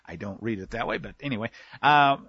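A man's voice: medium pitch, fairly quick, dry recording. A man teaching scripture verse by verse in a casual, folksy way, with slang asides. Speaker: Bible teacher. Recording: dull lo-fi, dry sound.

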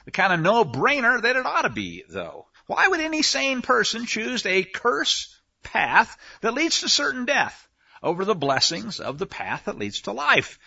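A man's voice: high voice, wildly swooping pitch, normal speed, vocal fry, bright, forceful tone, breathy edge, highs cut off. A man preaching a sermon on scripture, emphatic, often asking the listeners rhetorical questions. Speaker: Bible teacher.

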